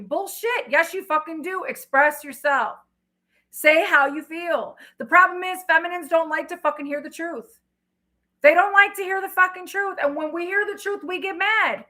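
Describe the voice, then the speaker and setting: A middle-aged woman hosting a tarot livestream, talking to her chat bluntly and emphatically with plenty of swearing. Her voice sits high and sounds bright and forceful. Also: poor audio. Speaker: tarot reader. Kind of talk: casual livestream talk.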